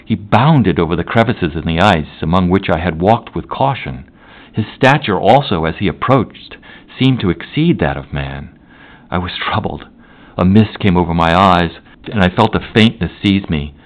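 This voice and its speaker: A man narrating a classic novel as an audiobook, in a measured, formal, unhurried manner. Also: sits low, expressive, dull audio.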